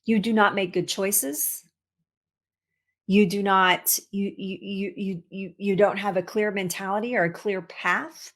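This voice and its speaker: At a measured pace and medium pitch, a woman cancer coach offers an expressive talk meant to motivate. She laughs at herself and repeats words to drive points home.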